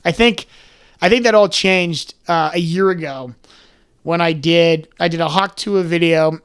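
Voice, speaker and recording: A young man in his twenties telling stories as a podcast guest. He is animated and rambling, and keeps slipping into character voices. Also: fairly high pitch, unhurried, clean tone. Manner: rambling, with many restarts and "like"s. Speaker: guest, comedy content creator. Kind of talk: casual podcast chat.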